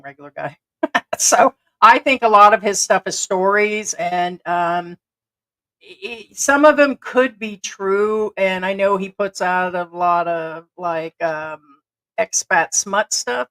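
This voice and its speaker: A woman's voice: lowish voice, a bit bright, poor audio. A woman co-hosting a livestream, chatting casually and retelling stories with quoted back-and-forth dialogue. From United States. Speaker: livestream co-host.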